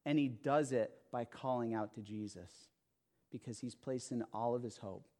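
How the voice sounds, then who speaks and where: A man's voice: medium pitch, normal speed, warm tone. A man preaching a sermon, speaking with emphasis, repeating phrases and checking in with "okay?" and "right?". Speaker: pastor.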